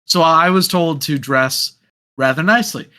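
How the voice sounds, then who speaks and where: A man hosting a podcast, telling a story in a lively, casual way and acting out what people said. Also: fairly high pitch, moderate pace. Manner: animated storyteller who acts out quotes. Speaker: podcast host.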